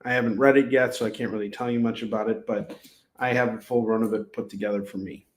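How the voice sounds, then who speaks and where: A man with a lowish voice and fairly even intonation talks quickly while selling comics on a live shopping stream. Recorded in an echoey room, he rambles and jokes as he prices the issues.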